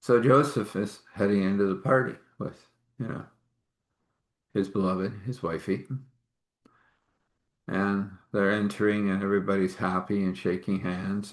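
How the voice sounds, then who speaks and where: A man hosting a live meditation talk and storytelling session, speaking in a rambling, chatty way. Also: fairly low pitch. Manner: rambling and chatty, with laughs and apologies for yawning. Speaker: spiritual healer and host.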